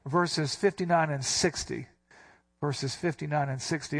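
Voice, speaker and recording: A man's voice: a little high, unhurried, vocal fry, a bit bright. A man preaching a sermon, explaining scripture verse by verse with emphatic stresses. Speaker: pastor.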